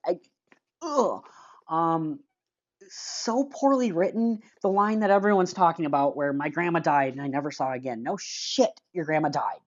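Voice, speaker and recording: Low-voiced woman, casual movie reviewer, blunt and rambling, slightly dull lo-fi sound. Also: a little mellow. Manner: blunt and rambling, sighs, gropes for names.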